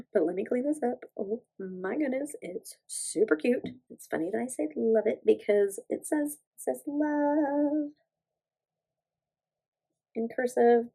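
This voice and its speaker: Woman vlogger, bubbly and gushing, slightly high voice with a gravelly rasp, casual tutorial chat. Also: warm tone, low-quality recording. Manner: bubbly, gushing, talks to viewers as "you guys". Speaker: beauty vlogger. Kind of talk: casual nail stamping tutorial.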